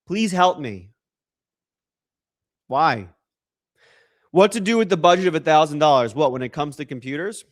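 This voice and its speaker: A young man hosts a loose, joking livestream. He rambles through chat messages and donations, and his voice sits a little high. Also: fairly quick. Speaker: livestream host.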